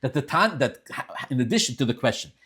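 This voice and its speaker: A man with an Ashkenazi yeshiva-style accent teaching a Tanya class, telling stories and swinging between soft asides and loud, emphatic stretches. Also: medium pitch, very animated, a little fast, slightly rough. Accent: Orthodox Jewish English with Ashkenazi Hebrew and Yiddish terms. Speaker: Torah teacher.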